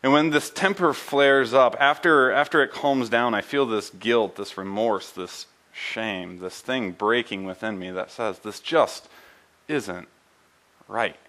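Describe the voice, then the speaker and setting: A man preaching a sermon in a church building, earnest and halting, with frequent fillers and restarts. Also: medium pitch, a bit bright. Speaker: pastor.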